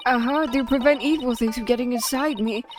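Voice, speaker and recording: A woman's voice: a little high, a little fast, music in the background, lightly acted. A woman voicing a chipper, bubbly young woman in a game.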